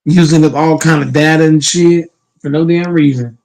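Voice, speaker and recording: A man's voice: on the high side, fairly even intonation, normal speed, darkish tone, rough recording. Emphatic, profane man hosting a sports panel. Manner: emphatic, profane, repeats words when restarting. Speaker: host of an online sports talk panel. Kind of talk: casual sports debate.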